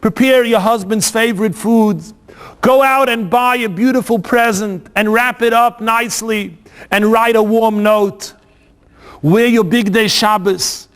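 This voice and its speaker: A preacher gives voice to a patient rabbi who lays out his advice in a measured, instructive way. The very high voice carries through a long hall reverb. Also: steady tone, fairly bright tone. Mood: advising. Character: calm wise old rabbi giving advice.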